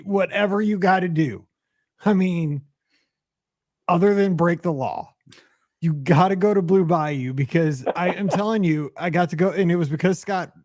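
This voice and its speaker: A man's voice: sits high, normal speed, darkish tone, no room sound, clean studio sound. A man hosting a podcast, chatting casually and gushing with enthusiasm, often laughing. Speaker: podcast host. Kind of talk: casual chat.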